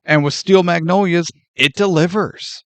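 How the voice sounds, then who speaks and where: A man co-hosting a movie podcast, chatting casually and acting out quoted lines with lively laughter. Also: high voice, unhurried, no room sound. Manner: animated, laughs often, acts out quoted lines. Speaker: podcast co-host.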